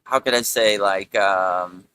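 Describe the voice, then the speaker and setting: Bright-voiced man rambling casually. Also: on the low side, takes it slowly, clean tone, low-quality recording. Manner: relaxed, rambling, many fillers like "you know". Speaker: spiritual teacher and show host. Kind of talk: casual spiritual talk.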